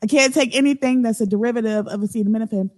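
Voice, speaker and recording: Blunt, funny woman with a fairly high voice. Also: rapid-fire, darkish tone. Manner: frank, humorous, blunt. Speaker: podcast guest. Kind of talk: casual storytelling.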